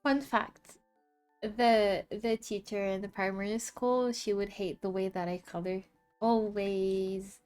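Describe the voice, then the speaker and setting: Woman, art streamer, casual chat, mid pitch, laughs often, talks while eating, faint music behind. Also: steady tone, slow pace, a little mellow, clear, resonant tone.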